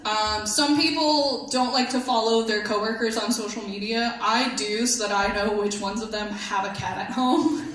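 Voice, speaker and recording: Young female stand-up comic, slightly high voice, deadpan self-deprecating delivery, stage mic in a very echoey room. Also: moderate pace. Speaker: stand-up comedian. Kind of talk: stand-up comedy set. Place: comedy club stage. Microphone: handheld stage mic. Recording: echoey club room, faint hum.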